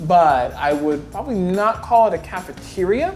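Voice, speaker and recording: A man with an American accent, co-hosting and answering viewer questions about English in a relaxed, easygoing way. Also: sits high, moderate pace. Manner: relaxed, easygoing explanations with frequent laughs. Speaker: English teacher, co-host. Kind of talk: casual teaching chat answering viewer questions. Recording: echoey studio with music behind.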